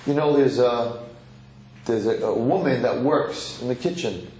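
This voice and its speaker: A man's voice: mid-range voice, measured pace, darkish tone, a little hiss or hum, lightly acted. A man voicing a spoiled, jealous young man. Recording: echoey hall, faint ambience.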